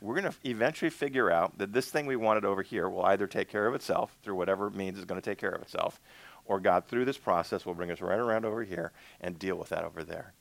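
A man's voice: on the low side, gravelly, no echo. A male minister preaching a conversational sermon, acting out little dialogues with God.

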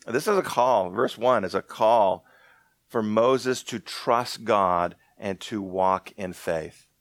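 Man, pastor, sermon, conversational, low-pitched, dry close mic. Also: no echo. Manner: conversational, restarts often, reads scripture slowly.

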